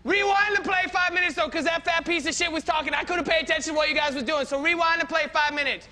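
A man voicing a crude, loudmouthed male president who yells profanity at a play. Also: very high voice, steady tone, fast, exaggerated voice. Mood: rowdy. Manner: profane, yelling, repeating himself.

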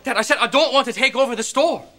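An actor playing a cheeky grown Scottish son working in his father's shop, teasing with quick comebacks and mock sentiment, with a Scottish accent. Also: very high-pitched, very animated, background noise. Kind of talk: sketch comedy acting.

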